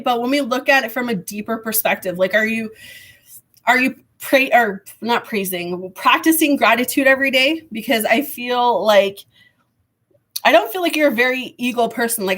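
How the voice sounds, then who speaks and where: A woman giving a live tarot reading to viewers, rambling and hesitant with many fillers, her voice going hoarse with frequent throat clearing. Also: on the high side, a bit bright. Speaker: tarot reader.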